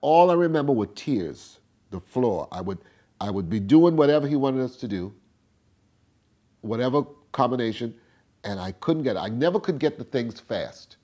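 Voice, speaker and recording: An older man telling stories in an interview, acting out the people he quotes with big swings in pitch and loudness. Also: normal speed. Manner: animated storyteller, acts out quotes with big swings in pitch and volume. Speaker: interviewee, tap dancer. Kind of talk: storytelling interview.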